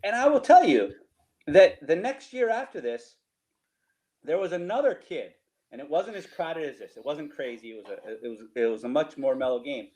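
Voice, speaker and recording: Middle-aged man with a New Jersey accent, lively cranky storyteller, voice slightly high for a man. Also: normal speed, poor audio. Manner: animated, laughing, repeats himself, rhetorical "right?". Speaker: storyteller guest. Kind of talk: casual storytelling over slides.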